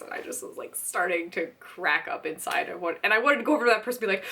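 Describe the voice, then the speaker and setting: Brief: woman book vlogger, chatty and giggly, very lively sing-song delivery. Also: on the high side, quick pace. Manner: chatty and giggly, gushing fan excitement. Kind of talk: casual chat to camera.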